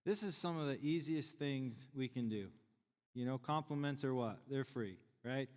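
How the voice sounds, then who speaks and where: Deep-voiced pastor in a big hall. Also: male voice, moderate pace, darkish tone. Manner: conversational, joking with the congregation. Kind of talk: sermon. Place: large church sanctuary. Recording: long church hall reverb.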